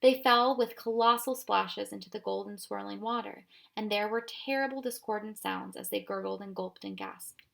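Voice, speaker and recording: A woman reading a children's storybook aloud in a soft, even voice. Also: medium pitch, moderate pace, vocal fry, hardly any pauses. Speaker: audiobook reader. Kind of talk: storybook narration.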